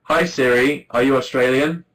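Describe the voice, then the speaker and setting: A man's voice: mid-range voice, normal speed, fairly bright tone, poor audio. A man in his twenties hosting a casual livestream, rambling and self-deprecating, laughing often into a webcam mic. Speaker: livestream host. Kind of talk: casual chat to viewers.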